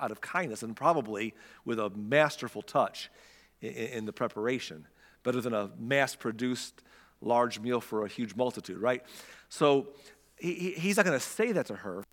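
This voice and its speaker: A man's voice: medium pitch, moderate pace, a bit bright. Man preaching in a reverberant hall. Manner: conversational, acts out voices of the characters in the story. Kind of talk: sermon.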